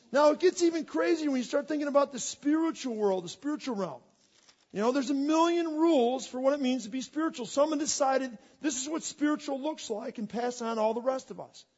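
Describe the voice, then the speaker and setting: High-voiced animated male pastor. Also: a little fast, highs cut off. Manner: animated, joking storyteller. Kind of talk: sermon.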